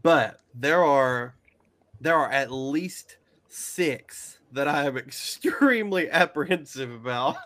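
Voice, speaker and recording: A man co-hosting a podcast in casual chat, excitable and animated. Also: medium pitch, takes it slowly. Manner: excitable and animated, breaks into laughs. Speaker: podcast co-host.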